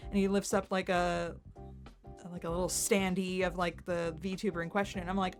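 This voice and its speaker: A woman in her thirties rambles through a story in a casual, giggly way, poking fun at herself. She leans hard on "like" and pops into animated little voices when she quotes people. Faint music plays quietly in the background. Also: medium pitch, moderate pace. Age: 30s. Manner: giggly and self-deprecating, heavy use of "like". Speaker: channel host.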